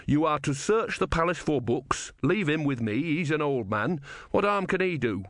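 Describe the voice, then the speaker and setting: Man doing a young novice monk, earnest and steady, audiobook character. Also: on the high side, moderate pace, no echo, pitched above the performer's own voice. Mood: firm. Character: young male novice monk, nervously firm.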